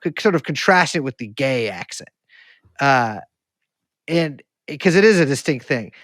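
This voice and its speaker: A man's voice: medium pitch, big pitch swings, normal speed, fairly bright tone, dry recording, clean studio sound. A man co-hosting a podcast, telling rambling, profane, jokey stories in casual chat. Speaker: podcast co-host.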